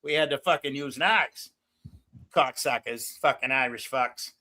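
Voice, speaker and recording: A loud, excitable middle-aged man rambling through profane casual chat as a livestream host. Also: medium pitch, unhurried. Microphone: no headphones.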